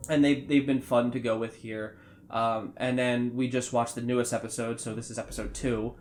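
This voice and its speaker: A man's voice: medium pitch, flat delivery, normal speed, darkish tone, slight background noise. A man co-hosting a gameplay video while sick, rambling through casual commentary with lots of ums. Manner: rambling, many ums and restarts. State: sick and sweating. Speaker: co-host of a gameplay channel. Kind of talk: casual let's-play chat.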